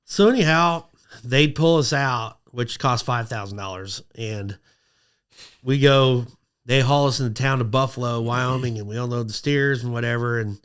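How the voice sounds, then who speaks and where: A man telling a long story on a podcast in a casual, lively way, acting out quotes in a high excited voice. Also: moderate pace, clean tone. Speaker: podcast guest.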